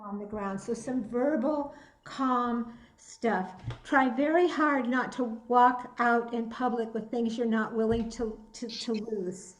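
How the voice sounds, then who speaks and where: A woman's voice: a little high, slow pace. Lady teaching self defense on a video call, upbeat, sounds kinda echoey. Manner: encouraging, gives clear commands, laughs easily. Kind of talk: online workshop teaching. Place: indoor room.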